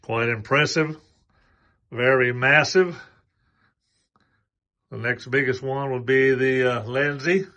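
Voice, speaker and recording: A man hosting a product demonstration, talking plainly and slowly with many pauses and fillers. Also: medium pitch, fairly even intonation, sharp tone, dull audio. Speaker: host.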